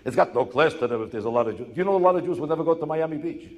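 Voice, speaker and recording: A man doing stand-up comedy before a live audience, talking rapidly and insistently with rhetorical questions and repetition. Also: a little high, lively intonation, highs cut off. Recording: echoey hall, live show.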